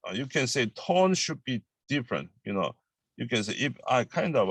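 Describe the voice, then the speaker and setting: A man with a Korean accent, whose first language is Korean, teaching a language lesson and repeating each phrase slowly, with halting English. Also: medium pitch, sing-song, a bit bright, breathy edge, dry recording.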